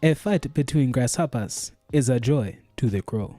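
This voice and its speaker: A man voicing a mock-solemn sage who recites proverbs slowly and gravely. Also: medium pitch, mellow, no room sound, soft background music, natural voice. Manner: slow, grave, drawn-out delivery.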